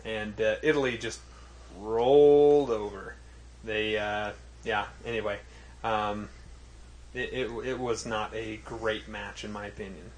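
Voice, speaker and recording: A man's voice: lowish voice, fairly even intonation, unhurried. A man hosting a podcast in casual chat, hesitant and full of ums and restarts. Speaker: podcast host.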